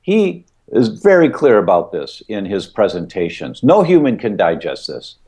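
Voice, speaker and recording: A man's voice: fairly low pitch, huge pitch swings, moderate pace, darkish tone. A middle-aged man, a guest expert on a podcast, explains points emphatically, repeating key ideas and using vivid analogies.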